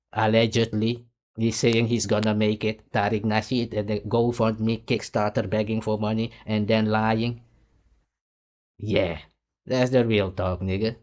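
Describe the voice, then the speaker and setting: Male host, low voice, combative mocking rant, repeats catchphrases. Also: darkish tone. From Suriname. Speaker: commentary channel host. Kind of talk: heated commentary rant over on-screen clips.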